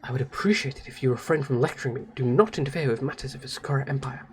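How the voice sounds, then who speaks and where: A streamer voicing a cold, possessive young woman officer from a game, hushed and icily polite. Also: very fast, lightly acted. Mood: disdainful. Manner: low, hushed and icily polite, sometimes whispered. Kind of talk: reading game dialogue aloud on a livestream.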